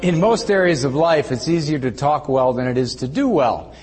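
A man's voice: on the high side, lively intonation, moderate pace, over music. A man co-hosting a talk show, asking earnest, reflective questions in casual conversation. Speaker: co-host. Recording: long hall reverb.

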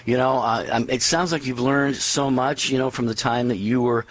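A man's voice: mid-range voice, steady tone, moderate pace, poor audio. A man hosting a faith talk show, reflecting on a guest's story with many fillers and restarts. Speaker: host.

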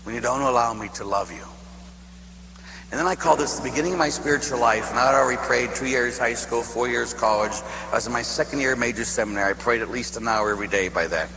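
Bright-voiced priest in an echoey hall. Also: male voice, medium pitch, fast talker, few pauses. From Pittsburgh, USA. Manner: animated, laughing, asks "huh?". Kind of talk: storytelling sermon. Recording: echoey hall, faint hum.

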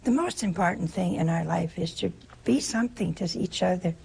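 Her voice lowish, gravelly and husky, an older nun from the United States talks a little quickly. She delivers a relaxed spiritual talk, chatty and gently funny, built around anecdotes.

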